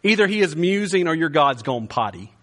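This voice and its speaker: A man's voice: a little high, sing-song, a little fast, fairly bright tone. A man preaching a sermon, reading scripture aloud with dramatic delivery, acting out the quotes and breaking off for amused asides.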